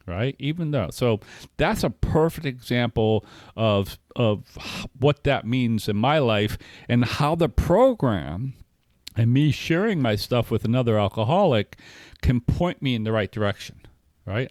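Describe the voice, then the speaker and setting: A man's voice: mid-range voice, lively intonation, moderate pace, a little mellow, dry recording. A middle-aged man talking candidly in a casual podcast conversation, telling personal stories with many fillers and restarts. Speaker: podcast co-host.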